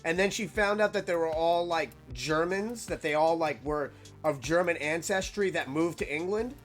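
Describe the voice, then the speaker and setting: A young man telling a casual, rambling story, animated and full of "like" fillers. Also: on the high side, moderate pace, soft background music.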